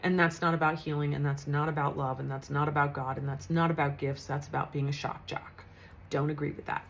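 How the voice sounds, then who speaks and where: A woman's voice: sits low, little pitch movement, fairly quick, gravelly, a little hiss or hum, low-quality recording. A woman in her fifties, a psychic medium telling a story in a chatty, earnest way with frequent restarts. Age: 50s. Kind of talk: casual storytelling monologue.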